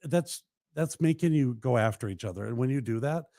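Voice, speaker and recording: A man's voice: mid-range voice, animated, a little fast, mellow, dry recording. A man from Minnesota, a real estate agent co-hosting a radio show in a studio, talking in an easygoing, agreeable way and trailing off mid-thought. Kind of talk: casual studio chat.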